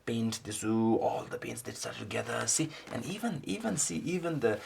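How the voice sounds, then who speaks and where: Animated man reading to kids. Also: medium pitch, moderate pace, creaky, a little hiss or hum. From Bhutan. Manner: animated, asks the children questions. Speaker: storyteller. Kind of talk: reading a picture book aloud to children.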